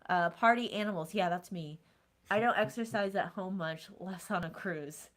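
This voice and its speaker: A woman's voice: lowish voice, moderate pace. A woman co-hosting a casual live-stream show, chatty and often trailing off as she talks. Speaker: co-host of a live cruise show.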